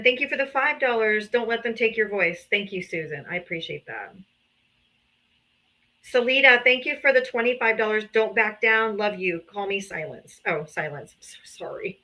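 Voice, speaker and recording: On a streaming setup, a woman with a fairly high, animated voice and sharp tone speaks at normal speed. She hosts a casual livestream, reading donations aloud and thanking supporters, emotional and grateful, now and then laughing or sighing.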